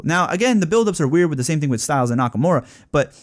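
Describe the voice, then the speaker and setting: A young man giving casual, opinionated solo commentary, profane and ranting, growing excited as he talks. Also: fairly high pitch, racing. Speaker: wrestling podcaster.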